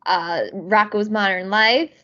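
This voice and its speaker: A woman's voice: mid-range voice, takes it slowly, fairly bright tone. A woman guest chatting casually on a podcast, rambling with lots of fillers and frequent laughs. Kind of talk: casual chat. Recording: dull lo-fi audio.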